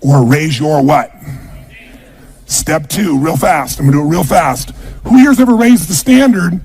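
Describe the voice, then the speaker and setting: Raspy, gravelly motivational speaker, a man. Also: on the high side, a little slow, a little mellow. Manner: emphatic, calls for answers from the crowd. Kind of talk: motivational seminar speech.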